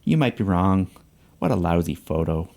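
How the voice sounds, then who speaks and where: A man's voice: sits low, sing-song, moderate pace, vocal fry, warm tone, voice pushed down, full character voice. A man reading a novel passage aloud, voicing a vain, tense male banker who talks through gritted teeth and hisses in whispers. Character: vain, tense male Wall Street banker, simmering anger.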